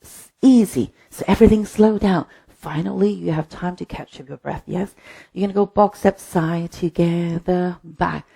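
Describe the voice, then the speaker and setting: Female dance instructor, low mellow voice with a gravelly edge, chatty, counts steps out loud. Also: normal speed. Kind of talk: live-streamed dance class. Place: home.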